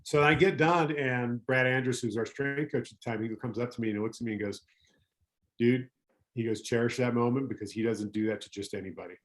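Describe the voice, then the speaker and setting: A middle-aged man, a former pro pitcher, telling anecdotes as a podcast guest in a rambling way, correcting himself as he goes. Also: steady tone, fairly quick. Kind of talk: casual storytelling chat.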